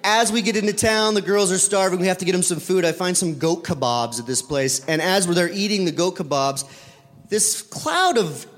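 A man telling a long casual anecdote in an animated, self-deprecating way, acting out bits of dialogue. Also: high voice, moderate pace, in a large hall, a little hiss or hum. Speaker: storyteller.

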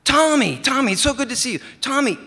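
A man voicing an eager, friendly neighbor who keeps repeating the same question, in a raised, excited voice. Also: quick pace, heavily acted. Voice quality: high, excited, repetitive. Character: warm eager man greeting his mail carrier.

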